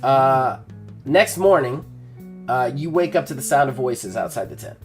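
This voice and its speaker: A man's voice: medium pitch, a little slow. Casual male game master, faint music. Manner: casual, relaxed, with many fillers. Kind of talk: narrating a tabletop game.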